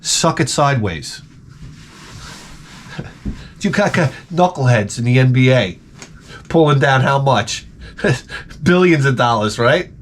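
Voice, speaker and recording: A man's voice: mid-range voice, expressive, takes it slowly, pauses often, a little hiss or hum. A man telling a rambling, profane comic story in a casual rant as a gaming video host. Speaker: retro gaming YouTuber.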